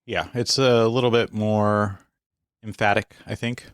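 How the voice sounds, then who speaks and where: A man co-hosting a podcast, talking casually in a measured, teasing way and asking questions. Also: on the low side, flat delivery, smooth, dry recording, clean studio sound. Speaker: podcast co-host. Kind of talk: casual chat.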